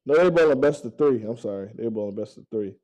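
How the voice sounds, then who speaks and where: A man's voice: medium pitch, expressive, quick pace, dark tone, muffled recording. A man chatting casually to viewers, telling stories loosely with profanity and stumbling restarts, recorded on an action camera strapped to his chest. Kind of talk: casual chat.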